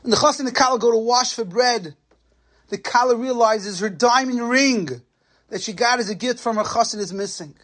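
A man giving a sermon, telling a story in an animated, dramatic way. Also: extremely high pitch, moderate pace. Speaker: lecturer.

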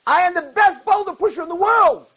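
A man's voice: a little high, lively intonation, normal speed, gravelly, a little mellow, breathy edge, pitched above the performer's own voice, heavily acted. A man doing a stubborn plain working man. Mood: proud. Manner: indignant, emphatic.

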